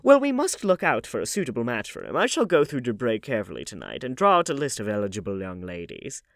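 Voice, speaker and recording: A man reading an audiobook, voicing an elderly aristocratic hostess in a high, emphatic falsetto. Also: huge pitch swings, fast talker, gravelly, fairly bright tone, dry recording, heavily acted. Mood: scandalized gossip. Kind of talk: audiobook character voice.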